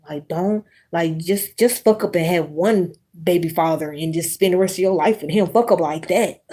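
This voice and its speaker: On a casual livestream, a woman in her thirties rants bluntly and preachily, cursing as she speaks directly to her viewers. Her voice is lowish with a dark tone.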